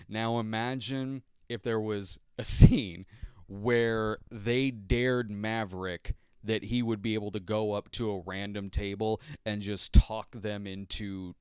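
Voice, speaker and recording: A man's voice: lowish voice, takes it slowly, smooth, no room sound. A tired man hosting a podcast, chatting loosely about movies with laughs and fillers, close to the mic. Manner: animated, laughs between thoughts, loose fillers. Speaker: podcast host. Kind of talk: casual rambling movie chat.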